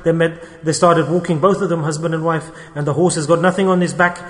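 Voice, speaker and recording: A man's voice: fairly even intonation, a little fast. Man preaching a sermon in an echoing hall. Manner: storytelling, acting out quoted people with rising pitch. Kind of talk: sermon with told parable.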